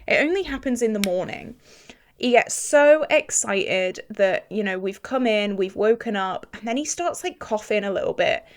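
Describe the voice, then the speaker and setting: Animated woman telling a story. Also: fairly high pitch. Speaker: beauty vlogger. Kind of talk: casual storytelling while doing makeup.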